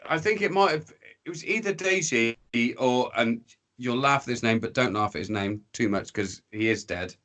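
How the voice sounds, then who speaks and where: A man's voice: mid-range voice, lively intonation, normal speed, a bit bright. Rambling, sweary English man telling stories. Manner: rambling, sweary, slips into voices for characters. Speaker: podcast guest. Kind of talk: casual storytelling chat.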